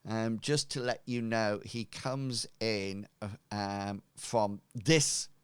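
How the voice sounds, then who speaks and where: Relaxed, halting game master. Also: male voice, lowish voice, clear, resonant tone, no room sound. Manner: casual, halting, many fillers. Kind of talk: narrating a tabletop game online.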